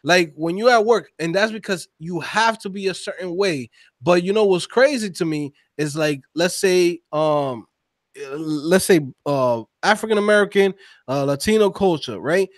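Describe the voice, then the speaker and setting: A man co-hosting a casual podcast conversation, talking in an animated, slangy, emphatic way. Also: high-pitched, normal speed, no room sound, clean studio sound. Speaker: podcast co-host.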